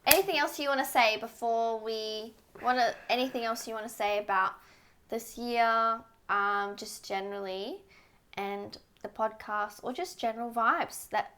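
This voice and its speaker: A bubbly woman chatting as a podcast co-host, her voice sitting a touch higher than most. She reacts fast with little exclamations and keeps the talk moving. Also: pushed and bright. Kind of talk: casual chat.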